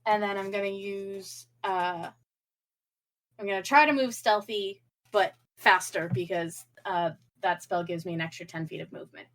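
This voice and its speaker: A woman's voice: medium pitch, normal speed, fairly bright tone, slight background noise. A woman playing a tabletop role-playing game, thinking aloud about her character's moves with hesitations. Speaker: player. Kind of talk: casual tabletop game play.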